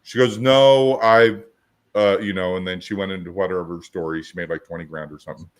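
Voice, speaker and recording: A man's voice: deep voice, flat delivery, fast talker. A man who hosts a podcast, chatting casually about coaching and acting out both sides of his stories. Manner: storytelling, acts out both sides of dialogues. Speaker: business coach, podcast host.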